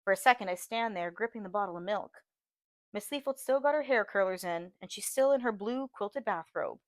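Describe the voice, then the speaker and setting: A woman reading a novel aloud in first-person narration, steady and earnest, close to the mic. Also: mid-range voice, brisk, dry recording. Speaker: audiobook reader, teacher.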